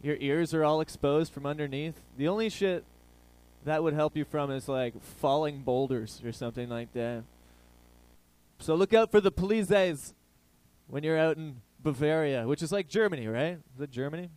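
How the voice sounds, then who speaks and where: A man's voice: a little high, normal speed, a little mellow. A man hosting a comedy show, riffing crudely and rambling as he asks the live crowd questions. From Ireland. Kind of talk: stand-up comedy banter with a live audience.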